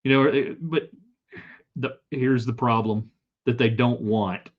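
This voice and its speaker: A man's voice: medium pitch, slow. A man hosting a live sports talk show, chatting casually and joking as he reads viewer comments. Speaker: sports talk show host reading chat. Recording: slightly dull lo-fi sound.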